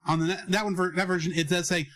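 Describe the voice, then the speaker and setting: A man co-hosting a casual podcast review, acting out scenes and swinging his voice up and down. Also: fast talker. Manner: animated, acts out scenes with big pitch jumps. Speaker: podcast co-host.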